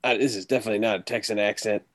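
A man's voice: on the low side, fairly even intonation, racing. A man in a tabletop game, fumbling and apologizing. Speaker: player.

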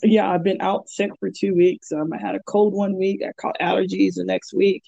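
Gravelly, mellow-voiced woman telling stories. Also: medium pitch, little pitch movement, moderate pace, dry recording, dull audio. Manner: rambling storyteller who laughs often. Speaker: guest. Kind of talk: casual chat.

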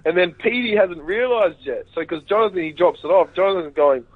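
A man guest in a casual phone interview, retelling events in a rambling, animated way and acting out what others said. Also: sits high, brisk, slightly rough, dry recording. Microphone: phone call. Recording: tinny phone line, dry.

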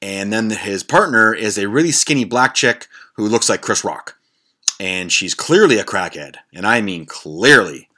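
A man's voice: on the low side, lively intonation, unhurried, sharp tone. A man, hosting a podcast and telling a rambling, profane story in a blunt, casual way. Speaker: podcast host.

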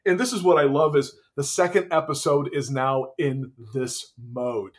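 Animated man acting out cartoon scenes. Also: medium pitch, moderate pace. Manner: animated, acts out scenes in put-on voices. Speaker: podcast host. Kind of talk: casual chat.

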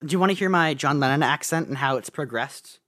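A man's voice: a little high, quick pace, bright, forceful tone, dry recording. Joking male co-host in casual chat, dry sound. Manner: joking, laughs often.

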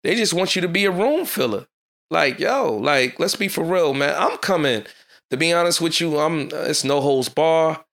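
A man hosting his own podcast, giving a fast, fired-up motivational talk in a casual street style. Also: fairly high pitch, lively intonation, a bit bright. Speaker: podcast host.

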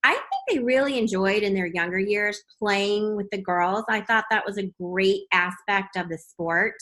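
A Texas mother of water polo players reminisces in a casual chat, often repeating words as she starts a sentence. Her voice is medium-pitched and a bit bright, at a moderate pace, on a low-quality recording.

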